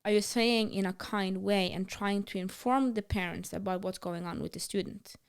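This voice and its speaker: A woman's voice: medium pitch, moderate pace, creaky, clean tone. A woman co-hosting a casual podcast who speaks frankly and gives advice. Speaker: podcast co-host.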